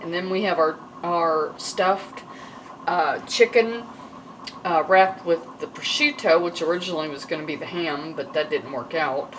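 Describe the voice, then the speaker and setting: Woman host, home cooking vlog, low-ish voice, rambling and chatty; picked up from across the kitchen with dishes clattering. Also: unhurried, slight background noise. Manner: chatty, rambling, thinks aloud. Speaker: home cook and channel host. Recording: distant mic, kitchen clatter behind.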